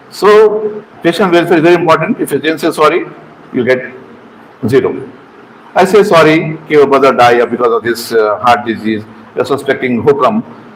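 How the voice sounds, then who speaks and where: A middle-aged man, a medical exam trainer, giving an informal lecture to students, talking in halting phrases, repeating words and asking the room questions. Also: mid-range voice, fairly bright tone, slight background noise, low-quality recording.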